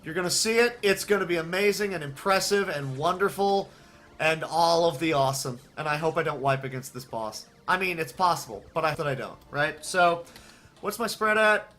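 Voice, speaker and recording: A man commentating his own speedrun live, excitable and self-deprecating, chatting with viewers as he plays. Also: on the high side, normal speed, soft background music.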